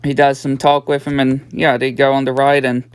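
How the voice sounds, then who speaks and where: A man's voice: mid-range voice, completely flat delivery, normal speed, smooth, dry recording. A nineteen-year-old man casually recapping a cartoon episode, rambling along with lots of "yeah" and "and" fillers. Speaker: episode reviewer.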